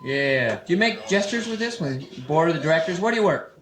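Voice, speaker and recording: Young comic working a club crowd. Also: male voice, on the high side, animated, fairly bright tone. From San Francisco. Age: 20s. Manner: loose, teasing crowd work with quick put-on voices. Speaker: stand-up comedian. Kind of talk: live stand-up set. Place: comedy club. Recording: echoey club room with audience noise. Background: audience laughter.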